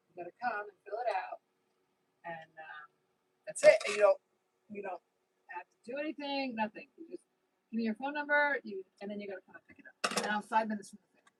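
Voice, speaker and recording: A woman whose accent blends New Jersey and Tennessee hosts a casual YouTube livestream, rambling chattily and reading viewer comments aloud. Her voice sits on the high side, fairly bright and slightly rough, and the audio is poor.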